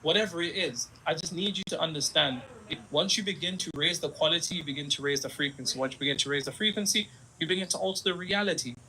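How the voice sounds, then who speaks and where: A man's voice: fairly high pitch, quick pace, few pauses, pushed and bright, rough recording. A man giving an earnest motivational monologue, restating his points as he goes. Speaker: motivational vlogger.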